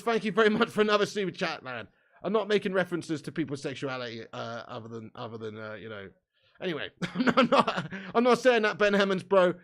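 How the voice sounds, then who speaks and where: Hosting a live watch-along, a young Englishman chats with viewers in crude, laddish banter full of swearing and frequent laughter. His voice is fairly high-pitched and a bit bright.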